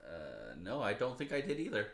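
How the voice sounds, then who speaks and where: Deep-voiced man co-host, roomy echo. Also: huge pitch swings, normal speed, creaky, a bit bright. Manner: short enthusiastic agreements. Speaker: podcast co-host. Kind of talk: casual chat.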